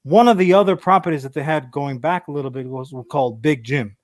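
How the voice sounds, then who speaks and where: A man's voice: a little high, brisk, dry recording, studio quality. A man co-hosting a podcast in casual chat, telling rambling, profane stories and mocking people in put-on voices. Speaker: podcast co-host.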